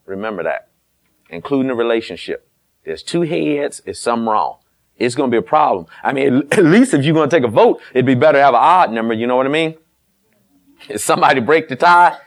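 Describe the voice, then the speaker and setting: A middle-aged man preaching on marriage, blunt and folksy, teasing his listeners and acting out old conversations. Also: medium pitch. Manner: folksy and blunt, with teasing asides and quoted dialogue. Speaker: pastor. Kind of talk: sermon on marriage.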